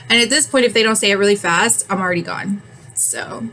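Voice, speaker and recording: A woman's voice: mid-range voice, moderate pace, pushed and bright, soft background music, rough recording. Chatty woman vlogging, a little winded. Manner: chatty, laughs often, trails off with ums. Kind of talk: casual rambling chat to camera.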